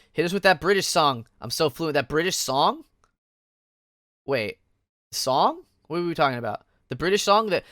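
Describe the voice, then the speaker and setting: Bright, lively young man streaming. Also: fairly high pitch, smooth, dry recording, studio quality. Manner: playful, giggly, chatting with viewers. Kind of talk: casual live-stream game commentary.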